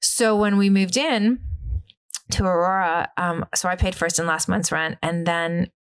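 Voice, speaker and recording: A woman's voice: lowish voice, unhurried, clear, resonant tone. Candid woman telling her story. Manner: candid, lively, full of "like" fillers and acted-out quotes. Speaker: podcast guest. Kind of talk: personal storytelling.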